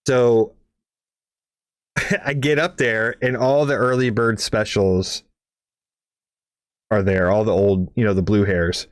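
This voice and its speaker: A man's voice: lowish voice, takes it slowly, long pauses, no echo, studio quality. Rambling, profane man telling a story. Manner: rambling, profane, lots of "right?" asides; animated, makes engine noises and sound effects. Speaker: podcast co-host. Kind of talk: casual storytelling chat.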